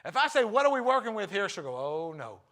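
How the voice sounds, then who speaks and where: Male preacher, high voice, conversational sermon with acted-out quotes. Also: sing-song, fast, fairly bright tone. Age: young adult to middle-aged, a father. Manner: conversational, acts out quotes with shifting pitch. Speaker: guest preacher. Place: church sanctuary.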